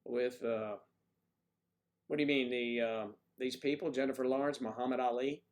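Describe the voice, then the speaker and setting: A man's voice: medium pitch, fairly even intonation, moderate pace. Folksy man chatting on a livestream. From Mid-Atlantic United States. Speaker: livestream host. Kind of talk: casual livestream chat.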